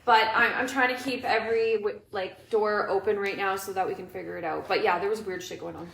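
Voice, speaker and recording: A woman telling a story in casual chat as a co-host. She is animated and swears freely. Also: mid-range voice, brisk, vocal fry, echoey room.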